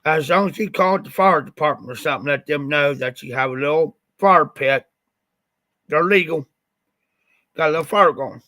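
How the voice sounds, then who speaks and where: Bright-voiced man telling a rambling story. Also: a little high, normal speed, no echo. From Ohio. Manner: rambling, repeats "I said" often. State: slightly stuffed up after the flu. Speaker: livestream host. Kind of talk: casual storytelling on a livestream.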